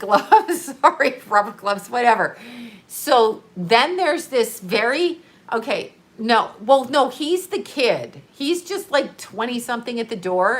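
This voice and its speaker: A middle-aged woman telling a story in a casual livestream, animated and profane, laughing often. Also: a little high. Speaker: live streamer.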